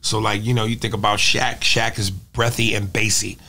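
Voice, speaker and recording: A man's voice: lowish voice, moderate pace. A middle-aged man, a comedian and impressionist, telling stories in a casual interview and slipping into voices. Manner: animated storyteller who drops into voices.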